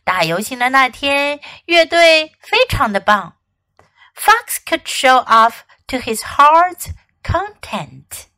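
A woman from China, a children's English teacher and host, reading a picture book aloud in a gentle, sing-song way. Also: high-pitched, very animated, slow, dry recording. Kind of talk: bilingual storybook reading.

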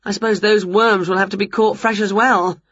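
A woman voicing a scatty, cheerful female witch in a picture-book reading, talking in an excited, drawn-out, playful way. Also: mid-range voice, slightly rough, dry recording, highs cut off. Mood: bustling.

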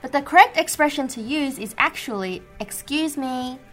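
Aussie lady cohosting an english lesson show, high bright voice, clear and teachery, music faint behind. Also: animated. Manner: clear teacherly delivery, models phrases slowly. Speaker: co-host of an English learning show. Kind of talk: scripted language-lesson chat.

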